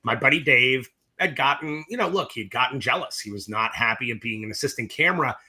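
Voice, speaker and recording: A middle-aged man with a husky, bright, forward voice tells stories from his career in a relaxed interview. He is animated and profane, and he jumps into quoting both sides of old conversations as he goes. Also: medium pitch, quick pace. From US East Coast. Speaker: film director, interview guest. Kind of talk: casual interview storytelling.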